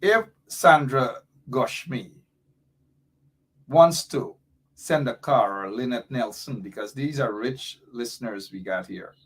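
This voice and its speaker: A middle-aged man hosts a live talk show, riding an impassioned, rambling line of commentary. His pitch sits right in the middle of the range for men. He breaks off now and then to read out comments from listeners. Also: expressive, takes it slowly, slightly rough.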